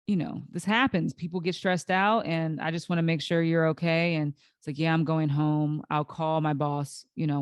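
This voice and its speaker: A woman's voice: sits low, darkish tone, no room sound. Candid woman near tears, dry sound. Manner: candid, emotional, many restarts and fillers. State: close to tears. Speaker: podcast host. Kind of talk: solo podcast storytelling.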